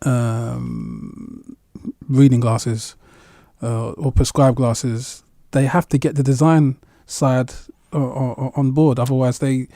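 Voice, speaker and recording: A man's voice: mid-range voice, slow, warm tone, dry recording, clean studio sound. A man co-hosting a casual chat podcast, chatty and agreeable. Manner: chatty, agreeable, lots of "yeah". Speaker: podcast co-host.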